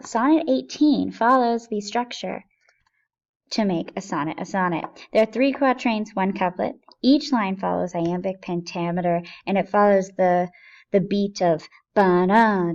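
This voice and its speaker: A woman teacher giving a recorded lesson, explaining a poem step by step and reading lines of verse aloud slowly. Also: mid-range voice, lo-fi sound.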